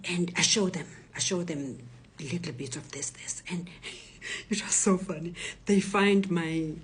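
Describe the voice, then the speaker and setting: Woman telling her story in a low, whispery voice. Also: breathy edge. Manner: dramatic retelling, acts out the voices, often whispery. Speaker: storyteller recounting a personal ordeal. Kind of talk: emotional personal testimony.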